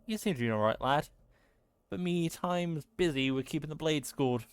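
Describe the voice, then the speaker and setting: A man puts on a burly bearded brawler from a video game, friendly and folksy, who calls people lad. The voice sits a little above his usual pitch and is read with plain, homely warmth of manner. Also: moderate pace, clear, resonant tone, no echo, natural voice. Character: gruff bearded male brawler trainer, friendly.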